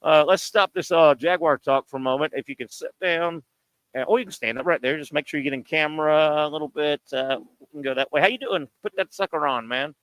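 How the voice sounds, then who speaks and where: A man's voice: a little high, a little fast, a bit bright, clean tone, dry recording. A man hosting a sports talk show, ranting combatively with pointed rhetorical questions, broadcasting from a bar and grill. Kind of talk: sports talk radio rant.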